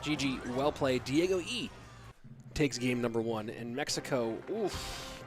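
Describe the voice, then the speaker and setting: A man's voice: mid-range voice, animated, moderate pace, music in the background. A man streaming from home, commentating an esports match live and stopping to answer chat questions in a loose, rambling way.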